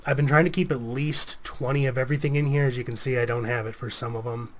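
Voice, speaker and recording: Talking fast with fairly even intonation, a mid-range male voice rambles through chatty gameplay commentary as a let's play host. He keeps correcting himself, and he's a little sniffly, like he's getting a cold.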